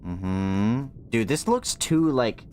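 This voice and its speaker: A man's voice: medium pitch, lively intonation, slow pace, darkish tone, a little hiss or hum. A young man streaming a game, chatting casually in slang and thinking aloud as he plays. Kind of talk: casual gameplay commentary.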